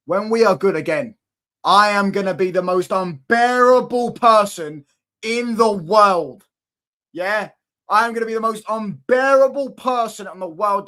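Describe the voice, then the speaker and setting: A man's voice: a little high, fairly bright tone. A young man with a Manchester accent casually bantering with viewers on a football livestream, teasing and cocky, full of slang. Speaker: football channel host reading live chat.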